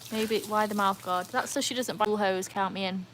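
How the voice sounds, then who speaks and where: A woman hosting a casual livestream by her pool, chatting excitedly and answering viewer comments. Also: mid-range voice, brisk, slight background noise. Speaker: livestream host. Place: outdoors by a backyard pool. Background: faint outdoor ambience, dogs.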